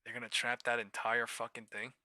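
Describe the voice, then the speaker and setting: Exasperated, sharp-voiced man streaming trades. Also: mid-range voice, completely flat delivery, a little fast, no echo. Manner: exasperated, profane muttering with sudden outbursts. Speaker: live trading streamer. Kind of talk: live market commentary.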